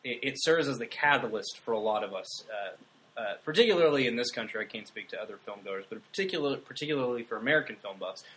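A man's voice: mid-range voice, expressive, fast talker, fairly bright tone, a little hiss or hum, poor audio. A man co-hosting a film podcast, chatting casually and rambling with restarts. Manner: rambling, many restarts, joking. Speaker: podcast co-host. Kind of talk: casual chat.

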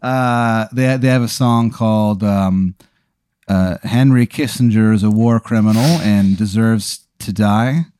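A man's voice: fairly low pitch, unhurried, smooth, no room sound, studio quality. A man hosting a podcast, rambling through an improvised comedy bit and slipping into goofy voices. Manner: animated rambling storyteller with goofy put-on voices. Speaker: podcast host.

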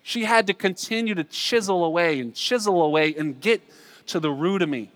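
A man preaching a sermon, swinging between loud emphatic lines and hushed asides. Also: high-pitched, moderate pace, in a large hall. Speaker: pastor.

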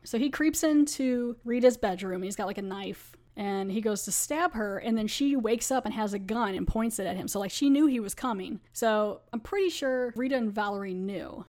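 A woman's voice: on the high side, normal speed, hardly any pauses, a little mellow. A woman podcast host casually recapping a TV episode in a chatty way, with lots of "like".

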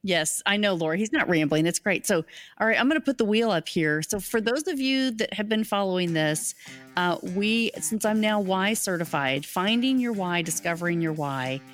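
A woman's voice: mid-range voice, lively intonation, normal speed, soft background music. A woman hosting a casual live stream on leadership, upbeat and enthusiastic and often laughing.

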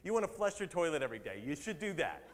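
A man's voice: on the high side, very animated, rapid-fire, in a large hall. A man, a pastor, giving a conversational sermon and laughing now and then at his own jokes.

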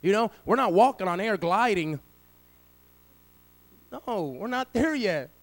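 High-voiced man preaching a sermon. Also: animated, unhurried, low-quality recording. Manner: preaching with wide swings from loud to hushed; acts out quoted voices. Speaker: pastor.

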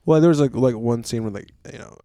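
Man, wry casual talk, joking asides, mid-pitched. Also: fast talker, dark tone, no room sound. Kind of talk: casual chat about movies.

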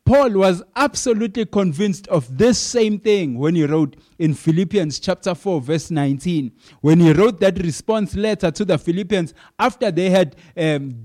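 Earnest man preaching, slightly high voice. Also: a little mellow. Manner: earnest, repeats key phrases with emphasis, some fillers. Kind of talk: sermon.

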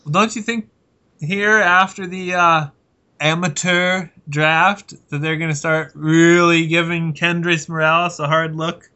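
Bright-voiced, teasing man on a podcast. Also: a little high, fairly even intonation, unhurried, clean tone. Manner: playful, teasing banter. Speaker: podcast co-host. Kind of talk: casual sports chat. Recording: dull lo-fi sound.

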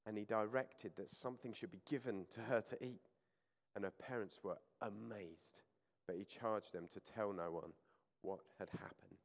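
A man preaching a sermon, reading scripture aloud with rising emphasis and then explaining it in calm, conversational reflection. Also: on the low side, normal speed, creaky. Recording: church hall with long reverb.

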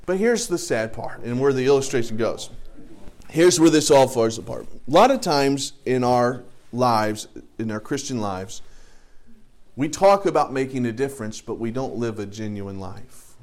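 A man's voice: medium pitch, animated, normal speed, darkish tone. A middle-aged man teaching a Bible class, preaching in a conversational way with everyday illustrations. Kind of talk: sermon.

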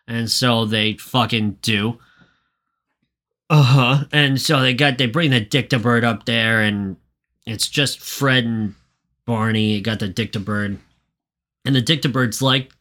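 A man's voice: medium pitch, fairly even intonation, a little slow, pushed and bright. A man co-hosting a podcast, recapping a story in a casual, profane, rambling way. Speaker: podcast co-host. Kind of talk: casual chat.

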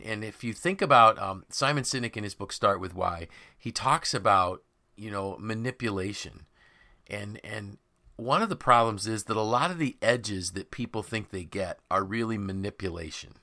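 A man hosting a podcast, talking in an emphatic, animated way and voicing imagined people's quotes. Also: on the low side. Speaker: podcast host and author. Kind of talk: conversational podcast discussion.

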